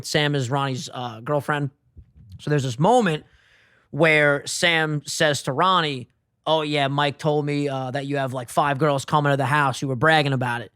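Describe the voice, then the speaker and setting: A man co-hosting a podcast, telling a story in a casual chat, animated and swearing a lot. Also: a little high, clear, resonant tone, no room sound, studio quality. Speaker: podcast co-host. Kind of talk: casual chat, retelling a TV scene.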